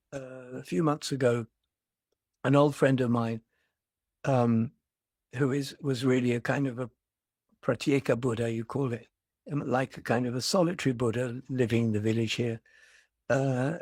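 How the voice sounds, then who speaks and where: An older man, a meditation teacher, giving a reflective dharma talk with gentle humor and storytelling. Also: on the high side, gravelly, breathy edge, no room sound, studio quality.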